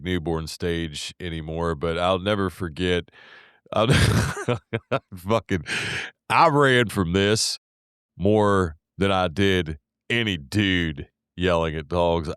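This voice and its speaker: Deep, smooth-voiced male podcast co-host. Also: a bit bright, dry recording, studio quality. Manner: rambling storyteller with restarts, swears, laughs. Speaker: podcast co-host, delivery driver. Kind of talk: casual podcast chat.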